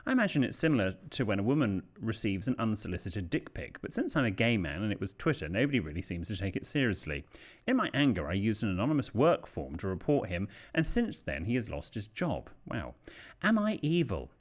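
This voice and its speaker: A man's voice: fairly low pitch, brisk. A British man co-hosting a podcast, reading listener letters aloud in a casual chat. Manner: lively, animated reading voice.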